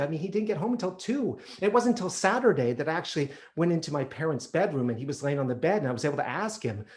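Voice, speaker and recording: A man performing an autobiographical solo theatre monologue in an animated, comic storytelling way. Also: a little high.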